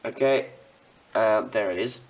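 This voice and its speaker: A young Australian student gives a rambling, chatty tutorial on building a model railway while he works. His voice is lowish and unhurried, in the style of a casual hobby tutorial.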